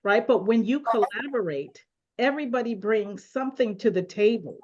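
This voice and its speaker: A woman moderating a panel discussion on a call, speaking deliberately and often adding a rhetorical "right?". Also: a little high, expressive, darkish tone, muffled recording.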